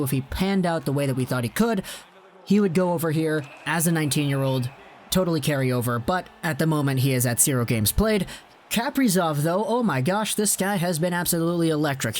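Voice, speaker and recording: A young man hosting a hockey video, talking in a chatty, rambling, lively way. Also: on the high side, slight background noise. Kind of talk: casual commentary to camera.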